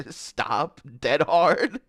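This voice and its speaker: A man's voice: fairly high pitch, sing-song, very slow, a bit bright, dry recording, studio quality. A man streaming casual commentary, crude and mocking as he reads old chat logs aloud.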